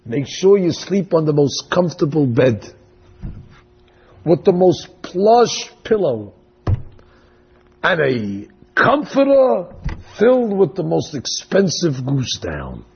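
A man voicing a calm, coaxing rabbi with a raspy voice. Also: a little high, slow pace, highs cut off, pitched above the performer's own voice, exaggerated voice. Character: calm, assuring older male rabbi.

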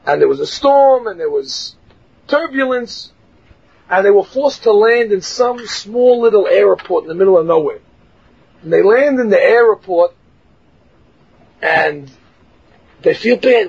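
A man with a high, husky voice gives a Torah lecture full of stories. He acts out each quote with lively energy and laughs often. The recording sounds dull and lo-fi. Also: a little slow, pauses often. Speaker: rabbi teaching a class.

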